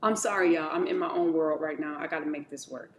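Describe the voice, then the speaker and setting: A woman chatting casually to her viewers as she juices and drinks wheatgrass shots, calling them y'all and talking in animated bursts. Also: sits low, fast talker, echoey room, a little hiss or hum. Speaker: wellness vlogger. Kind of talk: casual chat to camera.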